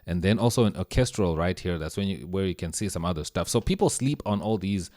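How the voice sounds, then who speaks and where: A man's voice: low voice, lively intonation, a little fast, a little mellow, dry recording, clean studio sound. A man giving a casual, slang-filled lesson on music production, easygoing as he walks through sounds. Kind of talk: casual screen-share tutorial. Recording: music playing under the voice.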